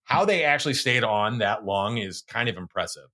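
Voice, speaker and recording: A man co-hosting a podcast in casual chat, laughing often and restarting his sentences in quick bursts. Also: fairly low pitch, expressive, bright, forceful tone. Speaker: podcast co-host.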